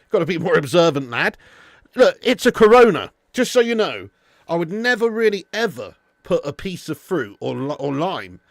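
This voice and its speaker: Chatty matey watch-along host, dry mic. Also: male voice, a little high, vocal fry, no room sound. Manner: chatty, banters with chat, calls viewers mate and lad. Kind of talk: casual live-stream chat.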